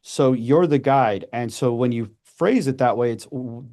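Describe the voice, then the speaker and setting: Podcast guest, man in his 40s, warm mellow tone, chatty and animated, restarts often. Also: mid-range voice. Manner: animated, with quick restarts and acted-out asides. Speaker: podcast guest, messaging coach. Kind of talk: casual conversational advice.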